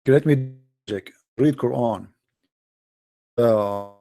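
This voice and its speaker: Live-stream debate host, male, taunting and emphatic, slightly high voice, dark tone. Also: lively intonation, normal speed, long pauses, dry recording.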